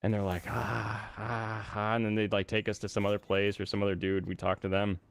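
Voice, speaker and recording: A man hosting a casual online group chat, telling stories in an animated way and laughing often. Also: on the low side, fast, clean tone, no echo. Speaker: host.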